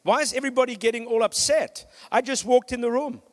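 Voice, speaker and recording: A man's voice: very high voice, fast talker. A male pastor preaching a sermon with energy, telling stories and calling out to the congregation. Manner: energetic, with storytelling and "come on" calls to the congregation.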